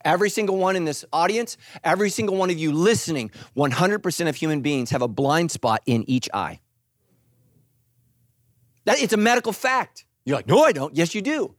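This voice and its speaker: A middle-aged man preaching a sermon, animated and joking, acting out quoted voices. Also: fairly high pitch, moderate pace, no echo, clean studio sound. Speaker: pastor.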